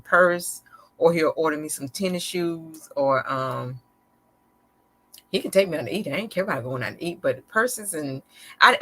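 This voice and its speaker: A woman's voice: deep voice, fairly bright tone. A woman hosting a live stream, telling viewers about her life in a candid, conversational way with a slightly sarcastic, slick edge and loose, repetitive phrasing. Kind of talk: casual personal storytelling to viewers.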